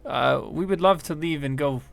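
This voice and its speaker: Man voicing a fussy little woman gnome tinkerer, pitched way up, loud and fretful, tabletop game. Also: normal speed, creaky, dry recording. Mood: pleading. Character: fussy red-headed woman gnome scientist.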